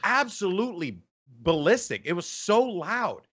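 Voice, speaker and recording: A man talking fast and loose as an interview guest, restarting sentences and piling on "like" as he tells a story. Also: high-pitched, muffled recording. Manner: animated, many restarts and "like". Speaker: esports caster guest. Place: home room with a clanking heater.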